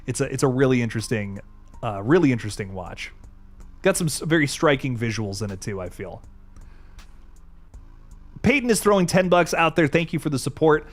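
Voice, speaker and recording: A man's voice: mid-range voice, sing-song, fairly quick, pauses often. A young adult man hosting a live horror stream, chatting casually with frequent swearing and restarts, faint music underneath. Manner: laid-back, swears often, many restarts. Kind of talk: casual livestream chat.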